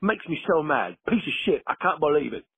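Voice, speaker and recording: A man's voice: fairly high pitch, sing-song, a little fast, creaky, breathy edge, no room sound, heavily acted. A man calling in and voicing an angry male fan with an English accent, ranting about his team. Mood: furious. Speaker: caller. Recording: tinny phone line.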